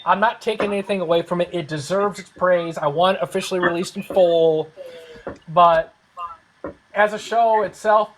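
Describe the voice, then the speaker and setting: A man's voice: high voice, moderate pace, fairly bright tone, a little hiss or hum, low-quality recording. A man hosting a casual online panel chat, rambling and hedging with fillers. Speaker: host.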